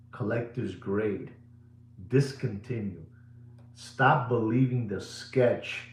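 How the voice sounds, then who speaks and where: Booming showman of a middle-aged man. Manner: showman-like, repetitive, swings between booming and hushed; mixes Spanish words into English. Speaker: watch dealer hosting a live sales show. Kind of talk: live sales pitch to viewers. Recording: roomy echo.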